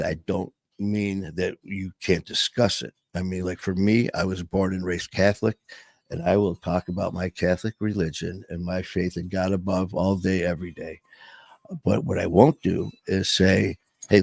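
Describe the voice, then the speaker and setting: A man with a very low, gravelly voice talks casually and candidly on a live stream. He rambles, trips over his own words and restarts. The sound is dry and close, with no room around it. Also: darkish tone, dry recording. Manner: rambling, self-interrupting, candid. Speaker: host of a sobriety and faith live show.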